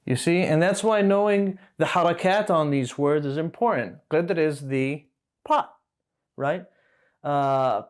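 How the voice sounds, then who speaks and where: A man teaching an Arabic lesson in a relaxed way, explaining step by step, quizzing the listener and correcting himself. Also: on the high side.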